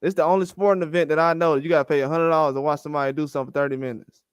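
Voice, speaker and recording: With fairly even intonation, a boxing channel host races through a casual rant, playing out the exchanges of the people he quotes. The recording of his slightly high, smooth, resonant voice is dry and close, with no echo or room sound.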